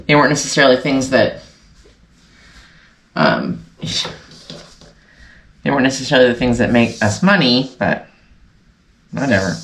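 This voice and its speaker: A woman's voice: a bass voice, very animated, normal speed, pauses often. A woman hosting a casual sewing vlog, chatting to viewers in a rambling way, often correcting herself, and sounding congested. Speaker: sewing channel host. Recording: echoey room.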